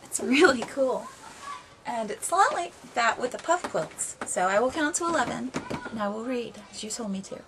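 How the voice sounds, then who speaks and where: A woman's voice: on the high side, lively intonation, normal speed, noisy background. A woman hosting a casual home vlog, rambling and playfully bossy as she chats. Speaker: vlog host. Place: home room with ambient noise.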